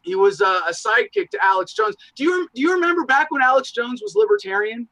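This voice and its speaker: A man in casual podcast conversation, talking in animated, profane, rambling asides. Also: extremely high pitch, quick pace, dry recording, low-quality recording. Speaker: podcast guest, show host.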